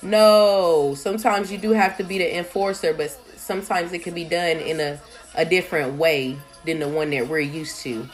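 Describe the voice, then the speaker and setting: A woman's voice: lowish voice, steady tone, moderate pace, faint music behind. A woman who is a single mother, talking in a casual, conversational way about raising her kids, with plenty of "you know" and "like" asides. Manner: conversational, with many fillers and asides. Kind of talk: casual advice monologue.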